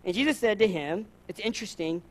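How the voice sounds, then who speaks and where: A man with a Southern US accent preaching a sermon, lively, acting out the people in his stories. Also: high voice, quick pace. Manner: animated, acts out voices in his stories. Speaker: pastor.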